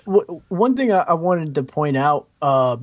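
Guy on a film podcast, stops and restarts a lot, slightly high voice, dry sound. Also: animated, no echo. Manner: halting, restarts phrases. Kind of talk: casual chat.

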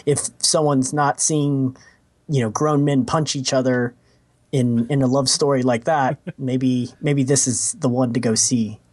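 A man co-hosting a film podcast in casual chat, halting and often restarting his sentences. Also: medium pitch, fairly even intonation, a little mellow, dry recording.

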